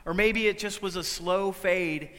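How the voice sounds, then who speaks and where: A man preaching a sermon, swinging between loud, urgent lines and hushed, quiet ones. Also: high-pitched, unhurried, in a large hall. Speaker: pastor.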